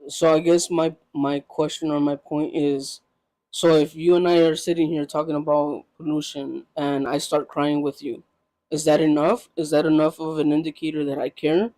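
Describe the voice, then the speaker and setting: A man's voice: a little high, flat delivery, normal speed, a little mellow, dry recording. A man as a podcast guest, talking bluntly in casual chat and pushing back with questions.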